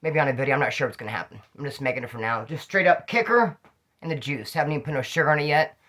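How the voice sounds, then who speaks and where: Middle-aged guy, loose slangy storyteller, slightly tipsy, talks quick with a slightly raised pitch. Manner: rambling, slangy, animated storyteller. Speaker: vlogger telling prison stories. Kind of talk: casual storytelling to camera.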